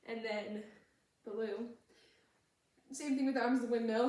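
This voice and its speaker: A woman's voice: a little high, steady tone, a little fast, creaky, darkish tone. A young woman teaching a dance routine step by step, patiently explaining each move while she demonstrates. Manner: patient, explains moves while demonstrating, sometimes hums the tune. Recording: echoey room, voice from far off the mic.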